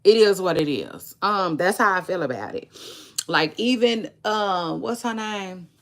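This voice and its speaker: Woman, 30s, casual livestream chat, rambling, fry in the voice. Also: medium pitch, lively intonation, a bit bright. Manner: rambling, drawn-out, repeats phrases; slow, gravelly, laid-back delivery. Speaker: livestream vlogger.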